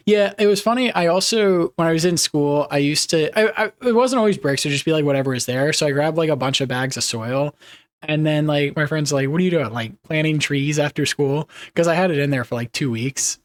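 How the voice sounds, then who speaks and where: Young male streamer, light higher voice, rambly, reads chat aloud, laughs easily. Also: fairly quick. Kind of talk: casual live-stream chat.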